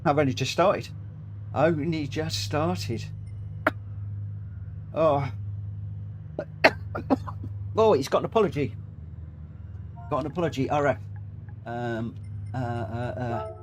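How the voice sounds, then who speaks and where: A man's voice: mid-range voice, a little slow, pauses often, slight background noise. A man, coughing and short of breath, giving chatty live commentary while he races in a driving game and repeats his words as he goes. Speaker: live-streaming sim racer. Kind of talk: casual live-stream commentary. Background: game music.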